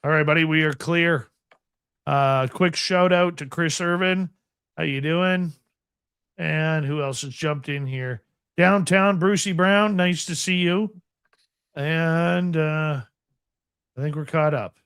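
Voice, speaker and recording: A man's voice: fairly high pitch, slow pace, long pauses, a bit bright, clean tone, no room sound. A man hosting a radio show, talking in an upbeat and enthusiastic way. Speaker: radio host.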